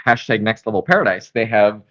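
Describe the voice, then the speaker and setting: A man co-hosting a casual live stream, hoarse, enthusiastic and rambling with many fillers. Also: lowish voice, expressive, fairly quick, fairly bright tone, muffled recording. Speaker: co-host.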